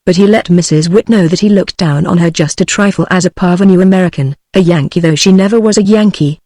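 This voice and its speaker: A text-to-speech woman's voice with a British English accent, reading a novel aloud in a steady, even audiobook style. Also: lowish voice, fast, few pauses, no room sound. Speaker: audiobook narrator. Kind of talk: synthetic audiobook narration.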